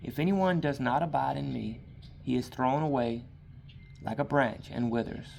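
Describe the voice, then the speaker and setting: A man's voice: medium pitch, normal speed, vocal fry, a little mellow, slight background noise. A man preaching an informal sermon outdoors, talking in a loose, conversational way with frequent asides. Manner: conversational, rambling, frequent "all right". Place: outdoors in a yard.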